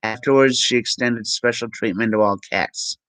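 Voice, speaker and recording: A man vlogging and reading aloud from the screen, halting with ums and self-corrections. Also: medium pitch, a bit bright, no room sound, low-quality recording. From Minnesota. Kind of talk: reading aloud from web pages.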